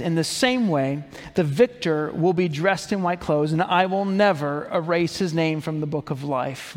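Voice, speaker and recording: A male pastor preaching a sermon, earnest and rising to emphatic peaks. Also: high voice. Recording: long reverb of a hall.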